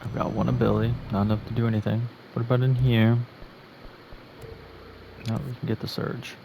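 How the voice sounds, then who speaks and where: Man muttering quiet game commentary. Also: medium pitch, little pitch movement, a little fast, gravelly, background noise. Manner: quiet muttered asides to himself. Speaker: gameplay commentator.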